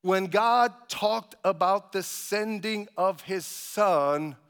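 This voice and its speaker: A man preaching a sermon as pastor, building to loud emphatic calls and asking his congregation for amens. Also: sits high, slow pace, smooth, long reverb tail.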